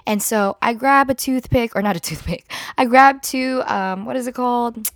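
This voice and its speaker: A woman in her thirties hosting a podcast, telling a crude comic story in an animated, profane way. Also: fairly high pitch, normal speed, no echo, studio quality. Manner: crude, animated, swears freely. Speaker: podcast host.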